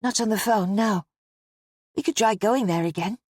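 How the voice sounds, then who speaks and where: A woman voicing a shrewd young woman who talks in a brisk, practical way. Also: medium pitch, darkish tone, dry recording, clean studio sound, voice pushed up, lightly acted.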